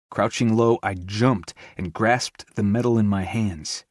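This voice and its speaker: A man's voice: lowish voice, a little mellow, no room sound, studio quality. A man narrating a romance audiobook in the first person, with a tense, intense reading.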